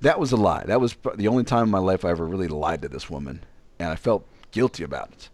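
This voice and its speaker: A man's voice: low voice, quick pace, a little mellow, no room sound. A man from Virginia telling a personal story in casual chat, rambling and self-deprecating, with frequent restarts. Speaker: podcast co-host.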